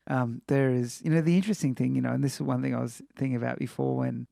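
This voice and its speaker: Gravelly man hosting a chat show. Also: mid-range voice, steady tone, fast, dark tone, dry recording, clean studio sound. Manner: chatty, many "you know" fillers. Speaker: podcast host. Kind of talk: casual interview chat.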